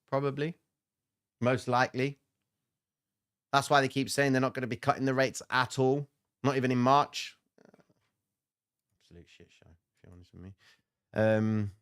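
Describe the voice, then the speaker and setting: A man's voice: medium pitch, a bit bright, smooth. A man hosting a live trading stream, giving blunt, slangy market commentary and answering chat comments.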